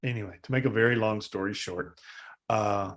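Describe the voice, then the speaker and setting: A man's voice: on the low side, steady tone. Casual male dharma teacher telling a story. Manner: casual and halting, with many fillers. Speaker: meditation teacher. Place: live meditation service.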